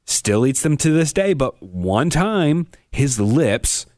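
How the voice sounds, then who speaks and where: A man's voice: medium pitch, very animated, slow, darkish tone, dry recording, studio quality. A man co-hosting a podcast, chatting in a joking, easygoing way. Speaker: podcast co-host. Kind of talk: casual chat.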